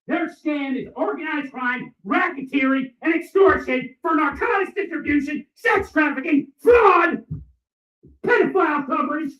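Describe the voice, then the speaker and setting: Angry guy ranting and swearing, high voice, far off the mic in an echoey room. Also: a little slow. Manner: furious, profane, often shouting. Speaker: vlogger. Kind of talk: ranting monologue. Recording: echoey, distant, dull sound.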